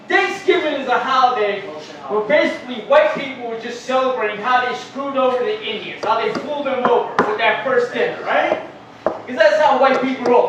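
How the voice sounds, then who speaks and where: At a Los Angeles club or open mic, a man with a very high voice does a crude, rambling stand-up set, delivering jokes loudly. The room is echoey, the mic far off, with faint ambience and slight background noise.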